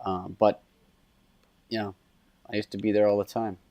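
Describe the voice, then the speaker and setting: A man's voice: on the low side, little pitch movement, normal speed, a little mellow, dry recording. A man co-hosting a podcast, chatting casually in a rambling, loose way. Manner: rambling, loose, with many "uh"s and laughs. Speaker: podcast co-host. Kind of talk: casual chat.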